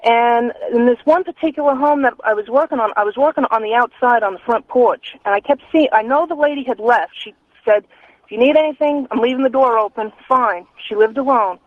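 A woman's voice: on the high side, a little fast, no echo. A woman from North Carolina calling into a radio show and telling a ghost story in a chatty way. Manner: chatty storyteller, laughs easily. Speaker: caller. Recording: phone line.

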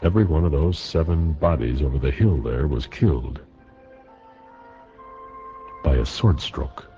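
Brief: man playing a grave, kindly sergeant, very deep, dull lo-fi sound. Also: expressive, soft background music. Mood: gentle, grave. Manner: low, slow and gentle. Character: kindly gruff older male Marine sergeant. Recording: dull lo-fi recording.

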